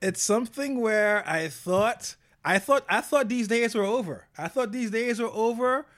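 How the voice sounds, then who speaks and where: A man co-hosting a casual comedic chat, joking and quick, often stammering and restarting his sentences. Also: high-pitched, animated, a bit bright. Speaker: podcast co-host.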